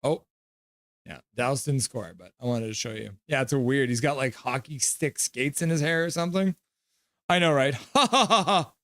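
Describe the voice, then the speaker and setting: A casual man hosts a live stream, reading viewer comments aloud and cracking jokes between bits of play-by-play. His voice is smooth and clear at a middling pitch. It is recorded close and dry, with no room sound. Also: moderate pace, dry recording.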